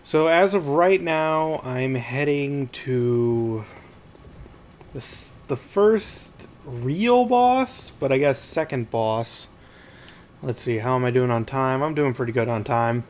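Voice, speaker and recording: A man giving rambling gameplay commentary at home, chatty and quick to yelp when the game gets tense. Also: medium pitch, a little mellow, a little hiss or hum. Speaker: let's play host.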